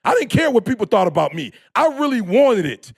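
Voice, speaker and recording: A man giving an impassioned, preachy motivational talk in slangy speech, repeating phrases for emphasis and bursting into shouts. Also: high voice, very animated, a little fast, gravelly, breathy edge. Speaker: motivational speaker.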